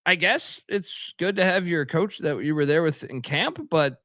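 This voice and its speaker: A man's voice: fairly high pitch, very animated, moderate pace, sharp tone, dry recording, studio quality. A man co-hosting a sports betting podcast, rambling and profane in loose casual chat. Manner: rambling, profane, lots of fillers and restarts. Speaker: podcast co-host.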